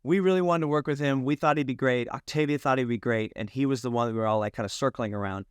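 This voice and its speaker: A man's voice: mid-range voice, fast talker, clean tone, no room sound, studio quality. A man, a film director, telling anecdotes in a casual interview and acting out the dialogue.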